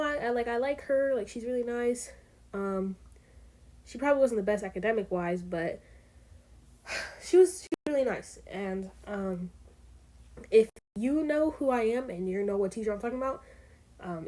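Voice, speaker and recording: A woman's voice: a little high, lively intonation, normal speed, mellow. Chatty teenage girl telling a story. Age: teens. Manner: chatty, rambling, full of fillers and asides. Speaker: vlogger. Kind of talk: casual storytime vlog.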